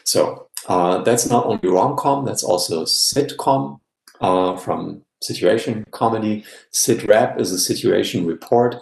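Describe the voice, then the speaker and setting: A man giving an academic guest lecture in a measured way, often checking in with "yeah?". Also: fairly low pitch, creaky, reverberant, poor audio. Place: live-streamed online talk.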